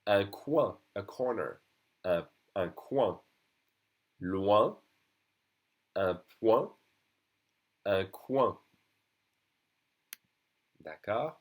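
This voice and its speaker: A low-voiced man whose mother tongue is French teaches a beginners' class in English. He speaks at a patient pace and repeats each French word so the students can follow. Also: lively intonation. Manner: explains slowly, repeats French words for students. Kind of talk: beginner language lesson.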